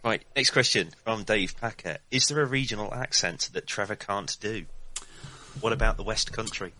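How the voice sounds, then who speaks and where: Low, very bright-voiced man from Lincolnshire. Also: moderate pace. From Lincolnshire, England. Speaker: podcast host reading listener questions. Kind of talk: casual chat.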